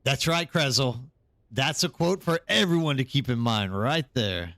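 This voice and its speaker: A man's voice: mid-range voice, animated, a little slow, a bit bright, no echo, studio quality. Tired, rambling male streamer. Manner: rambling, answers chat by name. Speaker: live streamer. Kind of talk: casual live stream chat.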